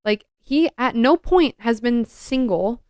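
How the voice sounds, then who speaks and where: A young woman shares a personal story on her podcast in an earnest, confessional tone, with "like" scattered through her speech. Her voice is strikingly smooth and clear. The recording is dry and close, with no room sound. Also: on the high side, animated, slow, a little mellow, dry recording. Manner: earnest, confessional, heavy use of "like". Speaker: podcast co-host.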